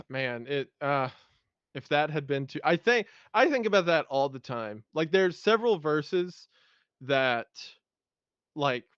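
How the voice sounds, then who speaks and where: A man's voice: a little high, animated, takes it slowly, fairly bright tone, smooth, no echo, dull audio. A man hosting a podcast, talking in a casual, heartfelt way and reading scripture aloud with feeling. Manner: emotional, enthusiastic, reads scripture aloud with feeling. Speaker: podcast host.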